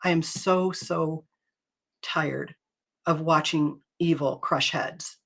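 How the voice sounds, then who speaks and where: A middle-aged woman hosts a live faith-based talk in a husky, breathy voice. She speaks earnestly and with emphasis, addressing her viewers directly. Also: deep voice, steady tone, slow pace, a bit bright. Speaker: host.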